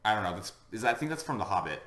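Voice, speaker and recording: A man's voice: lowish voice, lively intonation, racing, a bit bright. A man co-hosting a podcast, recapping an anime episode in a rambling, laid-back way with lots of fillers. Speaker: podcast co-host. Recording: roomy echo.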